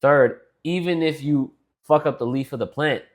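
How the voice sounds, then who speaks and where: A man's voice: fairly high pitch, normal speed. A young man co-hosting a podcast with his sister, teasing her bluntly and swearing in casual chat. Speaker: podcast co-host.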